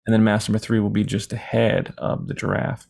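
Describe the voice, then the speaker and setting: A man teaching a screen-recorded software lesson in a casual, rambling way, sometimes acting out questions from imagined viewers. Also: lowish voice, completely flat delivery, brisk, vocal fry. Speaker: software tutorial instructor.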